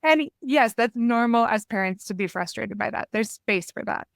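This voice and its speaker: A woman's voice: on the high side, moderate pace, gravelly, dry recording, clean studio sound. A woman as a podcast guest, telling parenting stories in a candid, reflective and self-deprecating way. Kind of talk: conversational storytelling.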